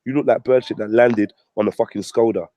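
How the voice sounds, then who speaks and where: A man's voice: fairly low pitch, fairly even intonation, a little fast, mellow, dry recording. A man ranting on his channel, mocking and swearing at a rival. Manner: profane, mocking, combative. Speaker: vlogger. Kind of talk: ranting commentary.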